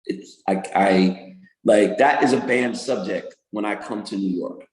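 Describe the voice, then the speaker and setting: A man talking as a podcast guest, an animated storyteller who does voices and laughs often in casual interview chat. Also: on the low side, measured pace, echoey room, poor audio. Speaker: podcast guest, music producer and manager.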